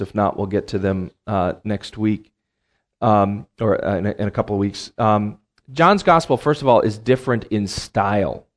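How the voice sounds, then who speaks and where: Man lecturing a Bible class. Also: on the low side. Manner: explains terms plainly, repeats key phrases, many ums and uhs. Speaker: Bible teacher.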